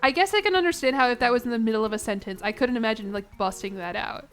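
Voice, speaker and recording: A woman's voice: fairly high pitch, fast, a bit bright, soft background music. Chatty giggly young woman streamer. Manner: chatty, rambling and giggly, addressing her viewers. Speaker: game streamer. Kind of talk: casual chat to a live chat.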